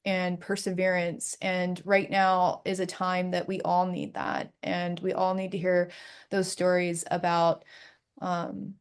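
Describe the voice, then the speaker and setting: A young adult woman, a matchmaker and podcast guest, talking in an earnest, animated way in a casual interview and acting out the voices in her stories. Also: fairly low pitch, slow pace, clear, resonant tone. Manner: earnest, animated storyteller who acts out quoted voices.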